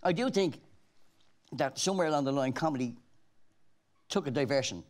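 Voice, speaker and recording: A man's voice: a little high, expressive, normal speed, darkish tone. An Irish man, a talk show guest, telling rambling anecdotes in casual chat with frequent restarts.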